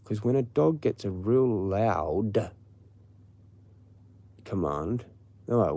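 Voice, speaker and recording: Aussie guy swearing through a midnight rant on stream, low warm voice. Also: expressive, takes it slowly, pauses often. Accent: Australian. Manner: profane, rambling. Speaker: livestream host. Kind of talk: late-night casual rant.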